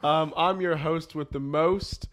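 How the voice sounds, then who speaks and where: A man's voice: on the high side, fairly even intonation, measured pace, fairly bright tone. A young man hosting a casual podcast chat, crude and joking, laughing often. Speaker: podcast host.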